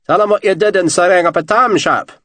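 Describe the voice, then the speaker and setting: A man voicing a gruff, blunt army general who growls and swears. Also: sits high, fast, fairly bright tone, no room sound, pitched above the performer's own voice. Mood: blustering.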